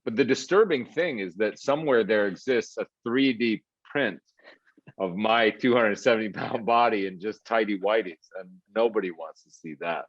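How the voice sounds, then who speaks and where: A man's voice: fairly low pitch, normal speed, no room sound. Jokey, self-mocking man, muffled lo-fi sound. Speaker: actor interview guest. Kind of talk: casual interview chat.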